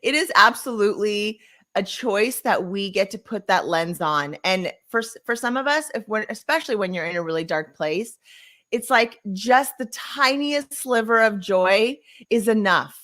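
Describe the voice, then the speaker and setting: A woman's voice: mid-range voice, lively intonation, normal speed, fairly bright tone. A woman co-hosting a casual podcast as a coach, speaking in an encouraging, upbeat way and laughing easily.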